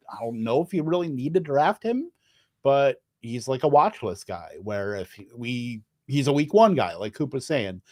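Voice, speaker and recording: Male panelist, mid pitch, loose rambling delivery, dead-dry audio. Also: no echo. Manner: rambling, full of restarts and fillers. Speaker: fantasy football analyst. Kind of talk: casual panel discussion.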